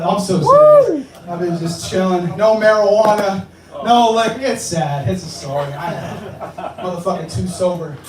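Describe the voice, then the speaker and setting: A man's voice: sits high, distant mic. A young man on stage at an open mic, telling stories in a laid-back, profane way. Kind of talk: casual stage banter. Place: bar with a live audience. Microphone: stage microphone. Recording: echoey room from off-mic, crowd noise.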